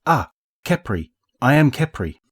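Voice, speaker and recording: A desperate, frightened villager begs in broken English, his thick accent colouring every halting phrase as a man voices him. The voice is raised and anxious above the reader's usual low tone. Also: big pitch swings, slightly rough, exaggerated voice. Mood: pleading. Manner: pleading, halting.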